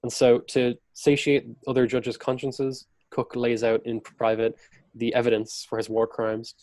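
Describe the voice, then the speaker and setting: A man in a podcast conversation, retelling history with lively storytelling and slipping into the voices of the people he quotes. His voice sits at a middle pitch, and the recording is close and dry. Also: a little slow, no room sound.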